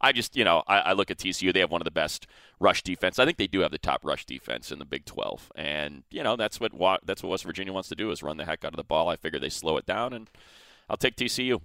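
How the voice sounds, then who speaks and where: A man breaking down college football in a casual sports talk. His low voice carries a gravelly edge with a bright tone on top, and his intonation swings widely as he tells stories. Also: lively intonation, quick pace, no room sound, studio quality. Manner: storytelling, mimics coaches in quotes. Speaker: football analyst.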